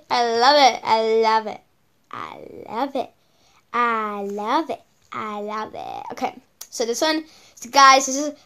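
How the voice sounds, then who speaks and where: A woman's voice: a little high, fairly bright tone. A female channel host giving casual reaction commentary on videos, rambling with lots of repeated okays and ums.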